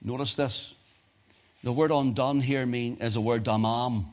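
A man preaching a sermon, swinging from quiet, urgent asides to impassioned cries, quoting scripture in old-fashioned wording. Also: mid-range voice, fairly even intonation, measured pace. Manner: archaic scripture quotations in King James wording.

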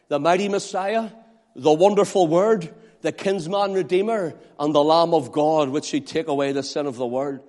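Man, preacher, sermon, impassioned appeals and hushed asides, long echoing hall. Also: a little high. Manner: impassioned, rising and falling between loud appeals and hushed asides.

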